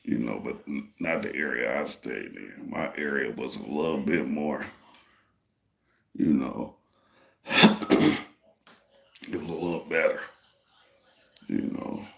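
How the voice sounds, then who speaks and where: A deep, gravelly man tells a long story in a loose, profane, streetwise way. His voice rings a little in an echoey room. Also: slow pace, long pauses. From Detroit, Michigan. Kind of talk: casual storytelling.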